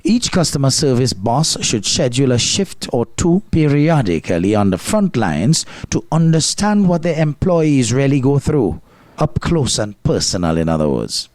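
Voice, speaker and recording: A man's voice: mid-range voice, sing-song, moderate pace, darkish tone, no echo. Grenadian guy doing wry scripted commentary, voice going up and down a lot. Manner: wry, lightly sarcastic delivery. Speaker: host.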